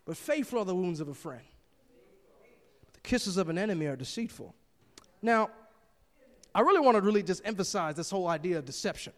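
A man's voice: high-pitched, expressive, brisk, pauses often, fairly bright tone, in a large hall. A man preaching a sermon, reading scripture and commenting on it in an emphatic, conversational way.

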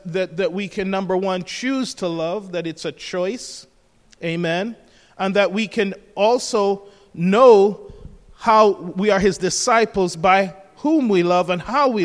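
A man preaching a sermon, emphatic, repeating key phrases and asking rhetorical questions. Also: sits high. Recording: long hall reverb.

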